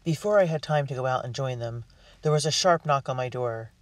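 A man narrating a storybook in the first person with an earnest, expressive delivery. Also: medium pitch, a little fast, no echo. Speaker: audiobook reader. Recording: dry, distant mic.

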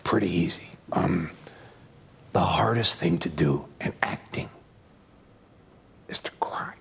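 A gravelly, rambling aging film star. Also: male voice, sits low, slow, fairly bright tone, full character voice. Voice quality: gravelly, husky, murmuring. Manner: rambling, hesitant, breathy half-whispered asides. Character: parody of a famous aging American film actor, gravelly and self-important. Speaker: celebrity acting teacher in a sketch. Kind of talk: comedy sketch interview.

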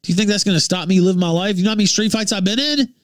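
A man from Memphis, ranting profanely on his livestream, jumping between shouts and low mutters. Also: very fast, no echo, clean studio sound. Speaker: livestream host.

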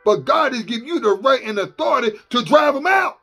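A man preaching a fervent sermon as a minister, emphatic and repetitive, sometimes rising to shouts. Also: extremely high pitch, animated, fairly quick, breathy edge, soft background music.

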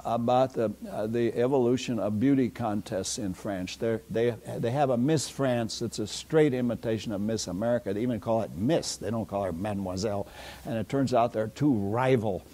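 A man's voice: fairly low pitch, moderate pace, dark tone. An older man giving a university philosophy lecture in a rambling, digressive way, full of "uh" fillers. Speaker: philosophy professor. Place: lecture hall. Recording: lecture hall recording.

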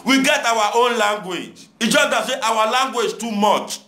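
Young Nigerian man, Pidgin accent, bright tone, exhortative monologue. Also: extremely high pitch, normal speed, reverberant. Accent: Nigerian Pidgin English. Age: young adult. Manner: preachy, exhorting, repetitive rhetoric. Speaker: commentator addressing viewers. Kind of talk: impassioned monologue.

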